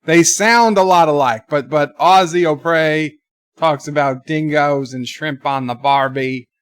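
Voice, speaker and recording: A man's voice: a little high, unhurried, clear, resonant tone, no room sound. A man hosting a livestream in casual chat, reading out donations and viewer comments with wry, rambling remarks. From United States.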